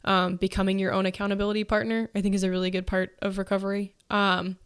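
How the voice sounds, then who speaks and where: A woman's voice: medium pitch, flat delivery, fast, clear, resonant tone. Chatty young woman podcast host. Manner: chatty, many fillers and likes. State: pregnant. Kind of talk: casual faith-based chat.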